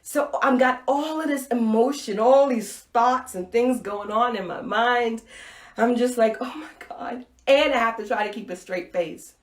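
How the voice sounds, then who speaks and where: Woman host, live-stream inspirational talk, animated storyteller, higher voice, echoey room. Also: normal speed. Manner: animated storytelling, acts out her own reactions; drops to a soft, intimate voice for key points. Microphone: Facebook Live stream, webcam or phone mic.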